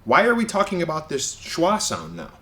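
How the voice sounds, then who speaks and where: A man teaching English pronunciation to learners, leading clear, drawn-out repeat-after-me sound drills. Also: on the high side, huge pitch swings, pushed and bright. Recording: echoey room.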